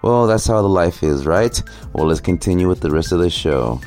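A man's voice: low voice, animated, normal speed, a little mellow, soft background music. A man giving profane commentary over clips, with crude, sneering rants. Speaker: commentary host.

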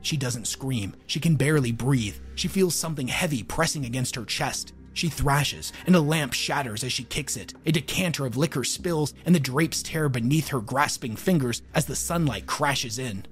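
Male dark-fiction narrator, measured and dramatic, mid-pitched, faint music under.

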